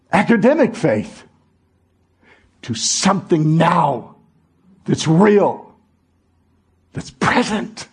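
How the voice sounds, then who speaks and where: Husky, animated preaching man. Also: sits high. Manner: animated preaching with call-and-response questions. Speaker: pastor. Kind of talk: sermon.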